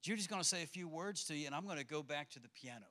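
A man from New Jersey, a visiting missionary, greets a church congregation. His voice is very bright and sharp in tone and sits a little high for a man. His manner is gracious and formal. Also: expressive, rapid-fire.

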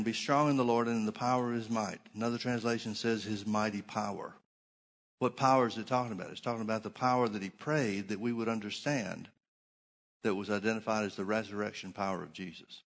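A middle-aged man preaching a sermon in an ordinary mid-range voice. He drives his points home by slowing down and repeating phrases. His delivery rises and falls as he teaches from scripture. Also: mid-range voice. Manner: preaching with shifting emphasis, slows to stress points. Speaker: pastor.

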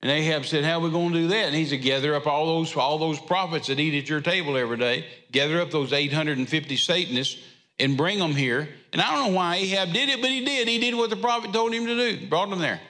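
A man preaches a sermon in a folksy, storytelling manner. His voice is high and bright. It carries a long reverb from a large hall. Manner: folksy storytelling with drawled asides.

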